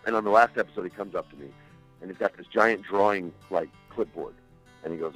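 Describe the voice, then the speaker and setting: A man telling an animated story as a podcast guest, casually swearing and laughing. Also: low voice, a little fast, soft background music, low-quality recording.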